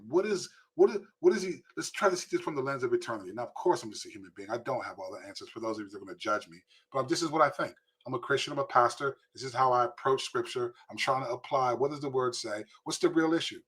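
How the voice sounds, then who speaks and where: A male pastor with a husky, slightly breathy voice at an ordinary middle pitch. He preaches with urgency, often stumbling into repeated words as he drives a point home. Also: fast talker, hardly any pauses, fairly bright tone. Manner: emphatic, repeats words when pressing a point. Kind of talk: preaching to camera.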